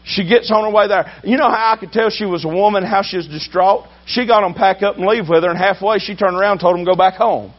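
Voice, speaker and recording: A man preaching a sermon with emphasis, swinging between loud drawn-out shouts and low asides. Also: muffled recording.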